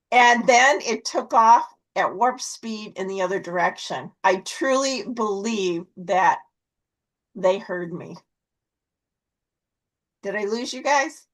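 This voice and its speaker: Slow-talking woman telling a story. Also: low-quality recording. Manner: storytelling, acts out her own high excited voice in quotes. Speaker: guest telling a personal story. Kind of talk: casual video-call chat. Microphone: video call.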